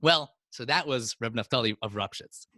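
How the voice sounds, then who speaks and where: A man's voice: moderate pace, no room sound, studio quality. A man telling Hasidic stories to children as a teacher in an online class. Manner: animated, with sudden swings of pitch. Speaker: storyteller teacher. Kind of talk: storytelling for children.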